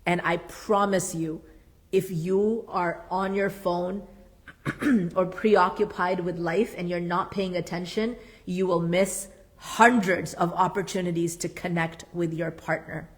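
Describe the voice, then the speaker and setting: A woman's voice: on the low side, fairly even intonation, unhurried. A woman psychotherapist leading a marriage workshop. She talks earnestly and emphatically, repeats her key points and adds playful asides. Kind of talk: workshop talk.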